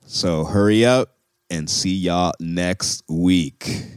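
A man's voice: sits low, very slow, smooth, no echo, clean studio sound. A man co-hosting a podcast in casual, loose and profane chat. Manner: laid-back, loose and profane. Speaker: podcast co-host.

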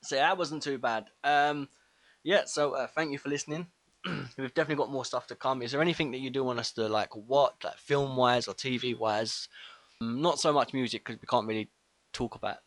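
A man co-hosting a casual film review podcast, talking in a relaxed, hesitant way with plenty of fillers. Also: mid-range voice, fairly quick, no echo. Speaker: podcast co-host.

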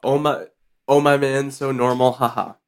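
A man co-hosting a comedy podcast, chatting in a relaxed, easygoing way. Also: medium pitch, moderate pace, clean tone. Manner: easygoing, laughs often. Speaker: podcast co-host. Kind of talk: casual comedic chat.

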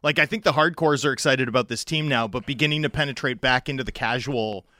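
A man's voice: medium pitch, quick pace, sharp tone, dry recording, studio quality. A man co-hosting a casual sports podcast, chatty, stumbling over restarts and fillers. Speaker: podcast co-host.

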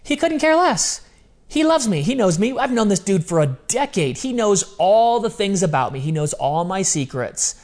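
A man's voice: sits high, very animated, moderate pace, a little mellow. Emphatic, slangy man telling stories. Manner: emphatic, casual slang-heavy talk. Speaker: guest. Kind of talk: candid personal storytelling.

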